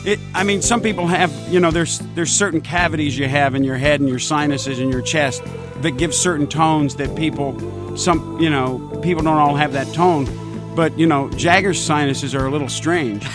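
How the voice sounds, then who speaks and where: A man's voice: on the high side, moderate pace, over music. A man who is a singer, telling rambling stories in a casual interview and acting out the voices of people he quotes.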